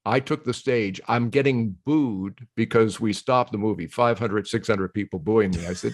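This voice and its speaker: An older man, a guest on a conversation show, telling stories in a lively way, acting out quoted voices and laughing easily. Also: lowish voice, moderate pace, few pauses, no echo, clean studio sound. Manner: animated storyteller who slips into quoted voices. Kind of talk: casual conversation.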